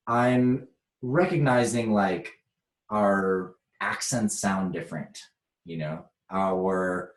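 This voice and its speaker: Slow, reflective American man, roomy echo. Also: fairly low pitch, darkish tone. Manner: reflective, unhurried, chuckles often. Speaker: workshop teacher. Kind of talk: spiritual workshop talk.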